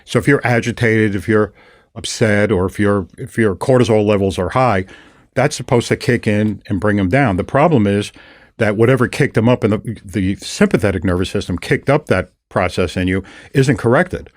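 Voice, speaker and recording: An older man hosting a podcast, chatting casually and retelling his encounters with lively storytelling. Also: on the low side, normal speed, dry recording, studio quality. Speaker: podcast host. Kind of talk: casual conversation.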